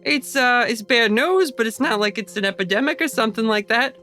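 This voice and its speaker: Jumpy shady informant, high and bright, babbling, played by a man. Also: soft background music. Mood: nervous. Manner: nervous, fast, pleading. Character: jittery shady male small-time crook.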